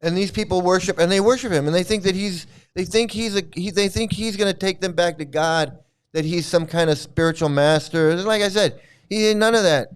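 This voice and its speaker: A man's voice: high voice, fairly quick, clean tone. A man hosting his own channel, ranting angrily in a heated, profane, repetitive way. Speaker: channel host. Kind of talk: angry ranting vlog commentary.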